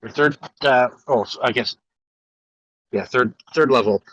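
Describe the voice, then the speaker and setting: A man's voice: medium pitch, unhurried, fairly bright tone, no room sound, lo-fi sound. A young man co-hosting a podcast who rambles casually about a video game, with many restarts. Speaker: podcast co-host. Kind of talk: casual chat.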